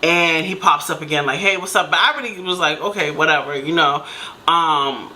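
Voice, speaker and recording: New woman spilling a storytime, bright voice, faint room noise behind. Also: deep voice, moderate pace. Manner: animated, acts out quotes in voices. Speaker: storytime vlogger. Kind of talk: casual storytelling.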